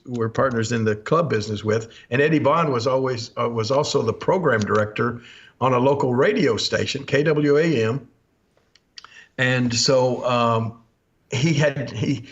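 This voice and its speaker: Older male podcast host, mid-pitched, rambling anecdotes with frequent laughs, slightly dull lo-fi audio. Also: fairly bright tone. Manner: rambling, laughs often, acts out quotes. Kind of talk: storytelling chat.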